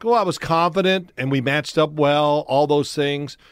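A man's voice: fairly high pitch, moderate pace, clean tone, no echo. A man in his sixties, a former quarterback and studio guest, telling rambling, folksy stories and acting out what others said. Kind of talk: casual storytelling chat. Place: podcast studio.

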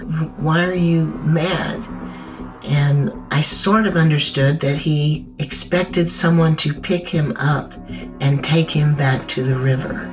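A woman recounting her own ordeal in the first person, slow and measured, halting in places. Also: low voice. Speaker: survivor telling her story. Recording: dull distant recording with faint music.

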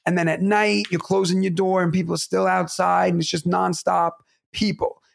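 A man who co-hosts a podcast, telling stories in a fairly high, gravelly voice. He talks in a casual, animated way, mimicking other people and dropping the odd curse. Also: normal speed. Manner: animated, acts out neighbors' voices, swears casually. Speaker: podcast co-host. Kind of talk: casual storytelling chat.

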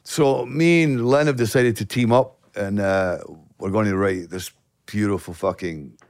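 A middle-aged Glaswegian Scottish man, a guest actor telling stories in casual podcast chat, profane and animated. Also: fairly low pitch, unhurried, dry recording, studio quality. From Scotland.

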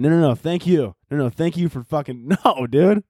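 A man's voice: on the high side, animated, unhurried, mellow, breathy edge, no room sound, studio quality. A young man hosting his own podcast, rambling in a profane, self-mocking comic rant. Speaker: podcast host. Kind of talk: solo comedic podcast rant.

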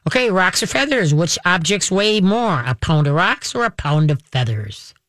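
A woman's voice: on the low side, sing-song, moderate pace, fairly bright tone, dry recording. A woman hosting a radio show, chatting casually about pets and acting out what the animals might say. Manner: chatty, acts out pets' voices and repeats questions.

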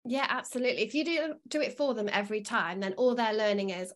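A woman guest on a podcast, speaking as an early learning expert. She explains things patiently and reassuringly, in the steady tone of a teacher walking parents through the basics. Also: on the high side, fast talker.

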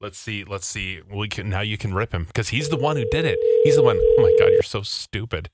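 A man's voice: lowish voice, brisk, very noisy. A man hosting a casual podcast, teasing the people he talks with and laughing often. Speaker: podcast host.

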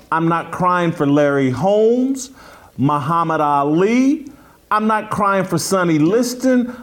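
A man hosting a sports talk show, giving blunt, emphatic opinions and telling stories, with a mocking edge. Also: high voice. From Indianapolis, USA.

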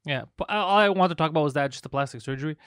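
Guy from honduras riffing and cracking crude jokes, pretty high voice, dry close mic. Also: very fast, fairly bright tone, clean tone, no room sound. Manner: joking, swearing, laughs often. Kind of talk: crude casual banter.

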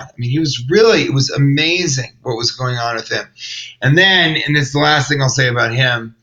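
A man's voice: mid-range voice, brisk, sharp tone, low-quality recording. A man, a comedian, telling a rambling, wry story in casual chat. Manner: rambling, wry, self-interrupting. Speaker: comedian and podcast host.

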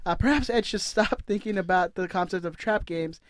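A man's voice: sits high, brisk, no room sound. A man co-hosting a casual sports podcast, joking with friends and reading out listener emails. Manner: relaxed, jokey, reads out listener emails. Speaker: podcast co-host.

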